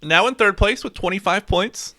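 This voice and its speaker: Bright, high, lively man keeping score. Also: moderate pace. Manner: upbeat, laughing, announcer-like scorekeeping. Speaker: podcast co-host running a quiz segment. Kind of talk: casual podcast chat.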